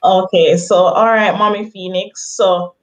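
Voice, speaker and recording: A woman guest on a live chat, giving measured advice step by step. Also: mid-range voice, fairly even intonation, poor audio.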